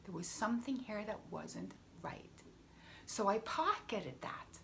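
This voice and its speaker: A woman health coach telling her personal story to camera in an emphatic way, repeating phrases and sometimes dropping to a hush. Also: mid-range voice, lively intonation, unhurried, creaky, slight background noise.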